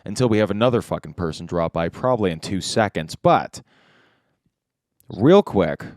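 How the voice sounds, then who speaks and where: Dude hosting a comedy podcast, voice bouncing all over, dry close mic, cracking jokes and cussing. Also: male voice, deep voice, expressive, normal speed, a little mellow, dry recording. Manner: joking, laughing often, swearing. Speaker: podcast host. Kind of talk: casual comedy chat.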